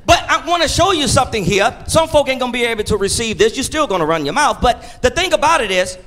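A man preaching a sermon in church, in a call-and-response style that swings between shouts and quiet asides. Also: very high-pitched, lively intonation, fast. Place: church sanctuary.

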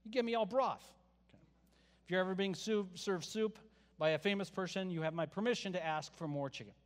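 Guy pastor preaching, chatty and joking, kinda high voice, big echoey hall. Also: brisk. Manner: conversational preaching with joking asides. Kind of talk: sermon. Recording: long hall reverb.

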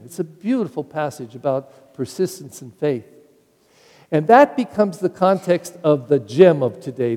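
Pastor preaching in a reverberant church. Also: male voice, on the high side. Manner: animated retelling with acted-out quotes, swinging from loud to hushed. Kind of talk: sermon.

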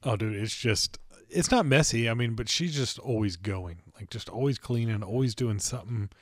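A man's voice: mid-range voice, moderate pace, no room sound, studio quality. A man co-hosting a casual podcast, talking bluntly and swearing often. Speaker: podcast co-host.

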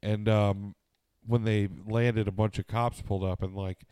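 A man's voice: on the low side, little pitch movement, unhurried, mellow, smooth, no room sound. A man co-hosting a casual podcast, telling a long story with lots of swearing and fillers, tired and sniffly. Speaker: podcast co-host.

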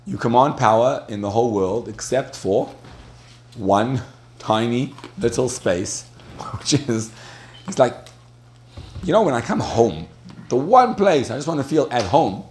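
A man's voice: mid-range voice, sing-song, a little slow, pauses often, a little mellow, a little hiss or hum. A man speaking to a live audience, telling a story in a chatty way with frequent restarts and laughter. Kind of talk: storytelling talk on marriage.

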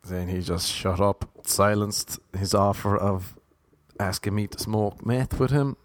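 A man with a lowish voice talks alone into the mic, spinning casual anecdotes with a wry, self-mocking edge. The sound is close and dry, with no room around him. He meanders and circles back, like a podcast host chatting to his listeners. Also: a little slow, no room sound. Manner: rambling, wry, self-deprecating humour. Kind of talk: casual solo storytelling monologue.

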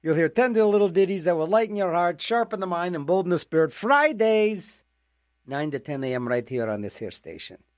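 A man DJs a request show on the radio in loose, rambling patter, cracking jokes at his own expense. His voice sits fairly high and swings up and down a lot. The sound is dry and close to the mic. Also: expressive, a little fast, dry recording. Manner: rambling, jokey, self-mocking asides.

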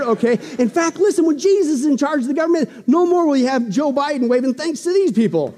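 High-voiced emphatic male preacher. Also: fast, few pauses, in a large hall. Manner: animated, emphatic, joking asides. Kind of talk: sermon.

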